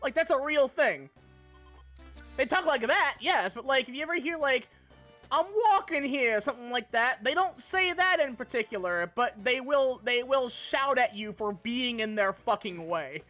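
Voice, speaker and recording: A woman streaming a game, chatting casually and swearing freely as she tells animated stories. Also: a little high, moderate pace, soft background music. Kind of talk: casual gaming stream chat.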